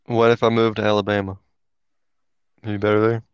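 Low gravelly man from Florida, teasing. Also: little pitch movement, brisk, no echo, dull audio. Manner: laid-back, teasing, says bro. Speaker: chat participant. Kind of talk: casual online voice chat.

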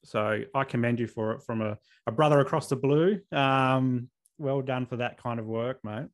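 A man in his thirties from South Australia with an Australian accent, hosting a podcast interview in an earnest, open way with halting restarts. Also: mid-range voice, steady tone. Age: 30s. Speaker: podcast host. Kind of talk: casual interview chat.

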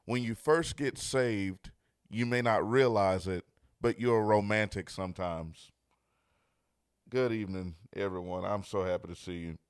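A man pastor preaching a livestreamed sermon, repeating key lines and building from quiet greetings to loud, emphatic preaching. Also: on the low side, steady tone, measured pace, smooth, dry recording, studio quality.

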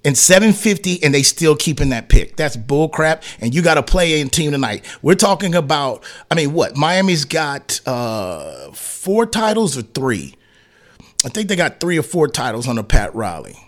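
A man's voice: a little high, very animated, moderate pace, fairly bright tone. A man hosting a sports talk radio show, ranting in a heated, rambling, slangy way and slipping into mocking voices. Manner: heated, rambling, slangy rants full of acted asides.

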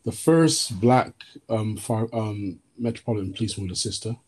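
A man's voice: fairly low pitch, normal speed, darkish tone. A man co-hosting a podcast, asking the guest long questions with plenty of hesitations and restarts. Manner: hesitant, many ums and restarts. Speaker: podcast co-host. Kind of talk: interview questions.

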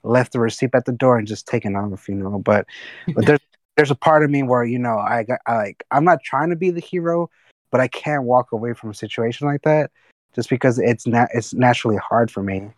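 A man's voice: medium pitch, fairly quick, no room sound, low-quality recording. A man telling stories in a loose, casual podcast chat. He rambles, restarts his sentences and swears freely. The sound is dry and close. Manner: rambling, restarts and fillers, profanity.

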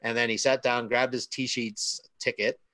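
A man trading jokes on a casual panel. He speaks at a middle pitch, recorded close and dry. His delivery is bantering and easygoing. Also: flat delivery, a little slow, a bit bright, no echo. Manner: joking, bantering, laughs. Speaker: panel guest.

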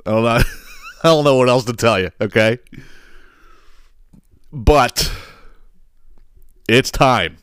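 A man's voice: medium pitch, takes it slowly, long pauses, fairly bright tone, clear, resonant tone, no echo, studio quality. A man hosting a podcast, ranting about politics with heavy swearing and repeated words. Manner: emphatic, swearing, repeats himself. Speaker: podcast host. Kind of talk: profane political rant.

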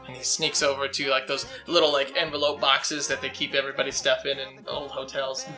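A man's voice: mid-range voice, completely flat delivery, a little fast, sharp tone, faint music behind. A man playing a tabletop role-playing game, narrating his turn casually with lots of fillers. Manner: rambling, with fillers and laughter.

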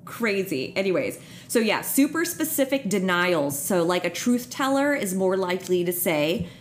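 Animated, swearing young woman podcast host. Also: medium pitch, normal speed, hardly any pauses, a little hiss or hum. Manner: animated, swears often, laughs a lot. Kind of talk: casual podcast chat.

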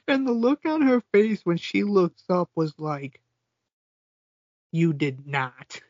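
A man's voice: sits high, darkish tone, dry recording. Guy on a podcast recapping a movie, laughing a lot, kinda lo-fi dry sound. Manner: retells scenes quoting lines, laughs often. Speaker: podcast co-host. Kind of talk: casual movie recap chat. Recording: dull lo-fi sound.

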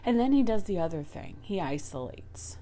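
Woman with a lowish voice pouring her heart out to camera, raw and heavy, whispers then cracks, cusses a lot. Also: very animated, moderate pace, mellow, slight background noise. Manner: raw and intimate, dropping to whispers and rising to anguished outbursts; swears freely. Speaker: partner of a recovering alcoholic. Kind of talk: emotional personal monologue.

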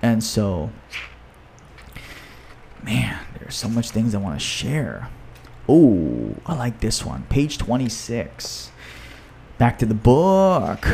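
A man who coaches fitness and runs a gym, talking in a casual podcast chat. He talks in an upbeat way, with quick runs full of fillers. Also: on the low side, very animated, vocal fry, a little mellow, slight background noise. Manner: upbeat, talks fast with many fillers, reads aloud from his own book.

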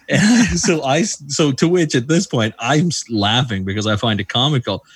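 A man's voice: medium pitch, moderate pace, slightly rough, no room sound. A man co-hosting a podcast, telling a home story in casual chat and laughing through it. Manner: animated, laughs through his stories. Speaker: podcast co-host.

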